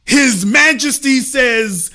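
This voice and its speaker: A man's voice: very high-pitched, slow, pushed and bright. A middle-aged man hosting a political commentary show, talking in an emphatic, sarcastic preaching cadence.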